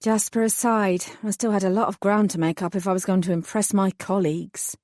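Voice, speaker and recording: A woman reading a first-person fantasy audiobook in a wry, measured storytelling manner. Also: medium pitch, fairly even intonation, a little mellow, dry recording, clean studio sound. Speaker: audiobook narrator.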